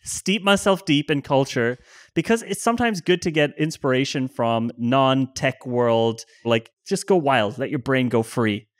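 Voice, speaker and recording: A man's voice: mid-range voice, a little slow, no room sound. Man, Irish accent, podcast co-host, eager recommendations, dry sound. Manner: enthusiastic, giving recommendations. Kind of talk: casual chat.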